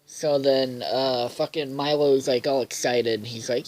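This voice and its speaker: A man's voice: medium pitch, fairly even intonation, takes it slowly, few pauses. A man casually recapping a cartoon episode in a rambling, profane way, full of fillers and half-finished thoughts, sounding tired. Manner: profane, filler-heavy, loses his train of thought.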